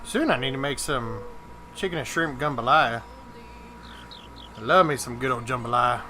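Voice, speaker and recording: A man's voice: mid-range voice, moderate pace, sharp tone, slight background noise. A young man chatting casually while live-streaming a game, swearing and joking as he mocks other people. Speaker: gaming streamer. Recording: game music in the background.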